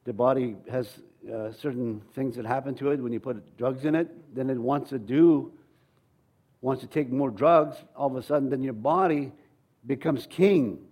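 A man's voice: medium pitch, moderate pace, darkish tone. A male pastor preaching a sermon in a conversational way, acting out quoted voices and often repeating words.

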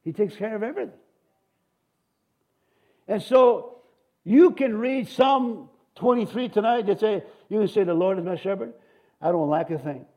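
A middle-aged man preaching a sermon, animated, shouting amens and cheers and slipping in joking asides. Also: sits high, normal speed, long pauses. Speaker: pastor.

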